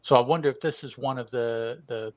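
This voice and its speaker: Podcast dude, medium voice, dry mic, cracks wry little jokes. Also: male voice, mid-range voice, fairly even intonation, brisk, dry recording. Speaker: podcast co-host. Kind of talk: casual chat about comics.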